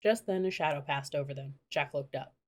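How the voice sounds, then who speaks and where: A woman reading a children's storybook aloud in a steady storytelling manner. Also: sits low, a little fast. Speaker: audiobook narrator.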